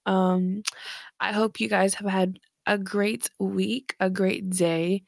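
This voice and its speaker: Late at night from her bedroom, a tired, slightly breathless young woman hosts her podcast through headphones and a desk mic. Her medium-pitched, creaky voice moves slowly with little pitch variation, rambling in slangy, filler-heavy chat. The sound is clean studio quality with no room noise.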